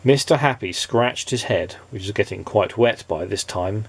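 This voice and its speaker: A man, a father, reading a children's storybook aloud in a gentle, expressive way. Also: lowish voice, normal speed, creaky, husky.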